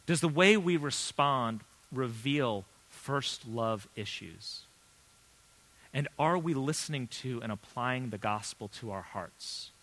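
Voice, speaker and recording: A man in his thirties, a pastor, preaching a sermon in an earnest, conversational way with emphatic pauses. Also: mid-range voice, expressive, fairly bright tone.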